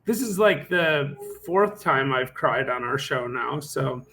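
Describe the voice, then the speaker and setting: A man's voice: medium pitch, animated, takes it slowly, vocal fry, sharp tone, a little hiss or hum. A man co-hosting a podcast, talking in a casual, hesitant way. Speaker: podcast co-host.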